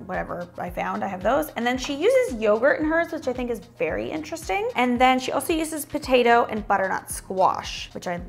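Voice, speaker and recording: A young woman talks her way through a recipe in her home kitchen, relaxed and chatty, tossing in little jokes. Her voice sits fairly high with a gravelly fry at the ends of phrases, and soft music plays faintly underneath. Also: fairly quick, few pauses. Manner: chatty, with joking asides. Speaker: cooking vlogger. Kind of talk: casual cooking demonstration.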